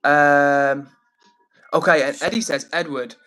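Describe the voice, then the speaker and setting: Chatty man, slightly high voice. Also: lively intonation, moderate pace, a bit bright, poor audio. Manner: chatty, reads out viewer messages. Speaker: livestream host. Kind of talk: casual live-stream chat. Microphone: phone.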